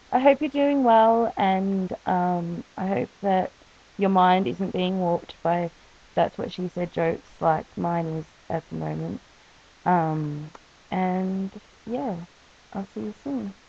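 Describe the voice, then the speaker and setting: A woman's voice: on the low side, vocal fry, darkish tone, dull audio. A woman vlogging casually about her life, rambling and making self-mocking jokes as she goes. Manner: chatty, self-mocking, jokey asides. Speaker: vlogger sharing her illness story. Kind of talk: casual rambling video diary.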